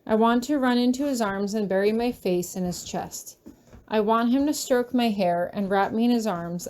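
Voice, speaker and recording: Woman, first-person audiobook narration, fan fiction reader, soft, anxious, fairly high pitch.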